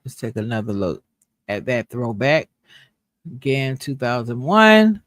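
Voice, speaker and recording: A man's voice: mid-range voice, sing-song, a little slow, a bit bright, no room sound. A man hosting a livestream, thinking aloud in a loose, conversational way. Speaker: livestream host. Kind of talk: live commentary.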